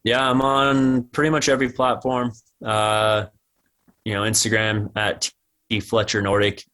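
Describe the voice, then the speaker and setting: A man's voice: fairly low pitch, flat delivery, measured pace, sharp tone. An American man in his thirties, a guest athlete giving thoughtful answers in a casual podcast interview. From United States.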